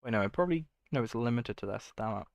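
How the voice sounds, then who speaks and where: A man's voice: mid-range voice, animated, fast, no echo. A man streaming himself coding, thinking aloud in a casual, muttering way and correcting himself as he goes.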